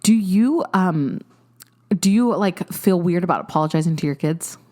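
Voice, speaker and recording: A woman's voice: lowish voice, animated, moderate pace, darkish tone. A young woman co-hosting a podcast, chatting candidly with lots of fillers as she tells stories about her kids. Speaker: podcast co-host. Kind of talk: casual chat.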